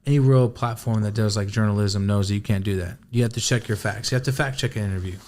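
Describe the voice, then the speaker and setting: A man chatting casually as a podcast guest, telling a story in an animated way with heavy slang and lots of swearing, acting out his own reactions. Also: fairly low pitch, fast, slight background noise. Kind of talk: casual chat.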